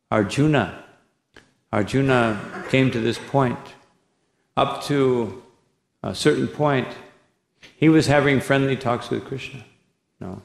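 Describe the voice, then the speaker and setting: In an echoing temple hall, a male monk with a creaky, medium-pitched voice delivers a scripture lecture. He rambles, tags his sentences with "no?" and "you know," and recites Sanskrit verses.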